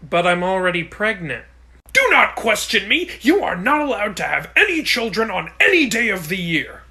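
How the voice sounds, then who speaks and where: A tyrannical sun-god king, as a man plays him in a comedy sketch, barking orders in a bright, sharp voice. He is indignant and commanding, and his pitch swings widely as he rages. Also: sing-song, moderate pace, heavily acted. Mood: furious.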